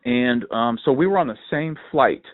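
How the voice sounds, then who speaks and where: A man's voice: mid-range voice, moderate pace, dry recording. Man on a tinny phone line, chatty host. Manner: animated storyteller, lots of fillers. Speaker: podcast host. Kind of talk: casual sports chat.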